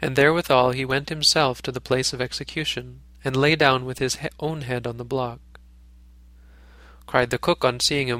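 A man reading an old fable aloud as narrator, measured, now and then correcting a slip. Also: medium pitch, fairly even intonation, pushed and bright, no room sound. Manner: measured, occasional self-corrections. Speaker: storyteller.

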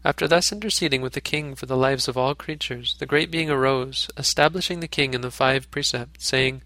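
A man reading an old fable aloud as narrator, measured, now and then correcting a slip. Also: mid-range voice, steady tone, pushed and bright, no echo. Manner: measured, occasional self-corrections. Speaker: storyteller.

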